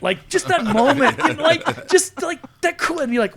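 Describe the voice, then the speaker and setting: A man hosting a podcast in a studio, an excitable storyteller who acts out scenes in casual chat. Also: extremely high pitch, moderate pace, hardly any pauses. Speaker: podcast host.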